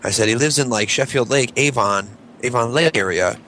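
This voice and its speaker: A man's voice: brisk, slight background noise. A man telling a long story on a podcast, acting out his friends' lines. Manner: animated, acts out quoted friends in high voices. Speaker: podcast co-host. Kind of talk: casual storytelling.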